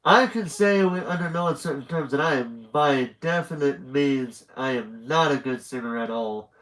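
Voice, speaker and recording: A man's voice: medium pitch, moderate pace, a bit bright, rough recording. A young man with a slightly nasal voice, reading a horror story aloud on a live stream and stopping to chat between passages. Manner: chatty, rambling asides between story passages.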